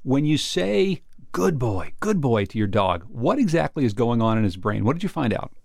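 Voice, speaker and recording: A man's voice: medium pitch, big pitch swings, a little fast, creaky, darkish tone, dry recording, clean studio sound. A man hosting an interview, asking curious and probing questions. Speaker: interview host.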